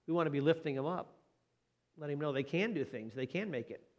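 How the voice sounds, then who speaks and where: A man's voice: fairly high pitch, animated, fast. Folksy man preaching a conversational sermon. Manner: folksy, asks the listeners questions; lightly joking asides. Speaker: pastor.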